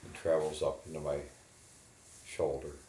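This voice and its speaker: A man in a guided imagery therapy session, slowly and haltingly describing what he feels in his body. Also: very deep voice, little pitch movement, mellow, echoey room, a little hiss or hum. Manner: slow, halting, inward reporting of body sensations. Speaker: therapy client.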